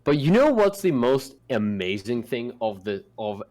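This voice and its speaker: Male podcast co-host, mid pitch, mock-grand and rambling. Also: very animated, unhurried, darkish tone. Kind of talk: casual chat among friends.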